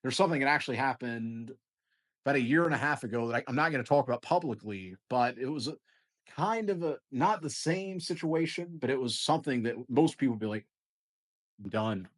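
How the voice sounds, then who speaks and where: A man guest on a podcast, talking casually and energetically, with many fillers and quick bursts of ideas. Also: medium pitch, expressive. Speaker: guest entrepreneur. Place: lives in Dubai.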